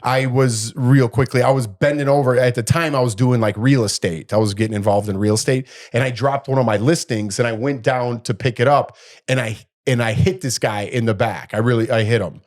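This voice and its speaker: A middle-aged man co-hosting a podcast, telling a story in casual chat and jumping up in pitch to act out what people said. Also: brisk. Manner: animated, acts out quotes in a raised voice. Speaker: podcast co-host.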